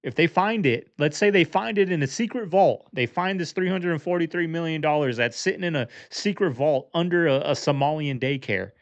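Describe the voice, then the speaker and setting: A man's voice: a little high, lively intonation, fairly quick, hardly any pauses. A man hosting a reaction video, talking in a fired-up, rhetorical way and calling his viewers y'all. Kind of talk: casual commentary. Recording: dull lo-fi, dry close sound.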